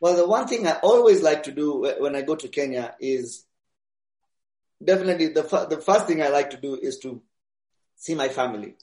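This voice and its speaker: A man talks easily as a podcast guest, his voice sitting a little high for a man. He hesitates and restarts as he gathers his thoughts. The sound carries a noticeable room echo. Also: a little fast. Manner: relaxed, hesitant with many fillers. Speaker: interview guest, DJ. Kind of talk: casual podcast interview.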